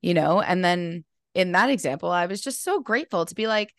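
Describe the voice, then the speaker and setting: A woman's voice: on the low side, lively intonation, fairly quick, no echo, clean studio sound. A woman speaking as a podcast guest and mindfulness teacher, talking earnestly and animatedly with many casual fillers. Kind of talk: casual conversational interview.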